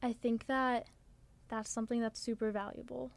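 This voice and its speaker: A woman's voice: a little high, flat delivery, moderate pace, vocal fry. A teenage girl from New Jersey co-hosting a podcast, chatting earnestly with lots of "like" fillers. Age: teens. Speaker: podcast co-host. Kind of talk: casual chat.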